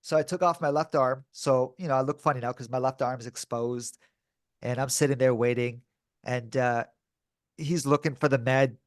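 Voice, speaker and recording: A man co-hosting a podcast in casual chat, telling a story in a lively way and acting out the voices of the people in it, often saying dude and bro. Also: medium pitch, normal speed, dry recording, studio quality. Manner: animated, acts out quoted dialogue. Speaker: podcast co-host.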